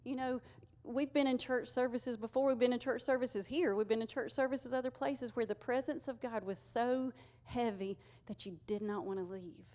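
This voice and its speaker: Woman preacher, slightly high voice, earnest and conversational sermon delivery. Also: steady tone, normal speed, darkish tone. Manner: conversational, earnest, uses y'all.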